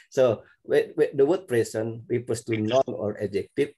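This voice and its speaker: Middle-aged Indonesian-accented male lecturer, gravelly and husky, repetitive teaching style over a video call. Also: medium pitch, unhurried, warm tone. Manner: repetitive, drills pronunciation, chuckles often. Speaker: university lecturer. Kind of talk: online class feedback.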